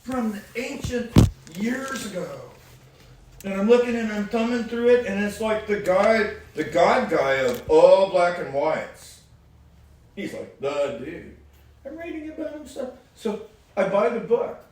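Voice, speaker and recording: A man and guitar player giving advice in casual storytelling chat, rambling and animated, swinging between loud and soft. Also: high voice, unhurried. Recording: very echoey room, distant mic, faint noise.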